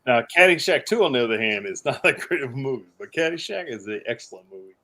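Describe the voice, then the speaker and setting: A man's voice: medium pitch, expressive, fast talker, sharp tone. Man, boisterous, laughing a lot, casual livestream chat, co-host. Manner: boisterous, laughing, swears freely. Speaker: podcast co-host. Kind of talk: casual shop talk livestream.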